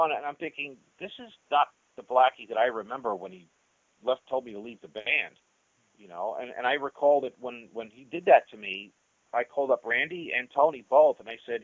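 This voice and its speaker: A man's voice: medium pitch, animated, fairly quick, no room sound, dull audio. A man guesting on an interview, telling long stories in a loose, rambling way full of restarts and "you know". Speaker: guest musician. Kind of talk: casual storytelling interview.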